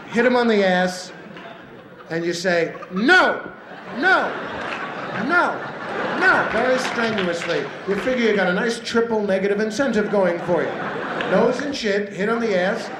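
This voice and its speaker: A man's voice: high-pitched, lively intonation, normal speed, a crowd in the background. A male stand-up comedian performing for a live theater audience, acting out pets and owners with sudden squeals. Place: large theater stage. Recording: roomy live theater recording, audience noise.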